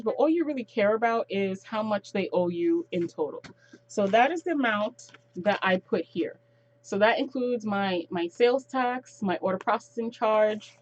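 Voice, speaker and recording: A woman giving a casual sales training talk, explaining step by step with quick asides. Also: mid-range voice, slightly rough.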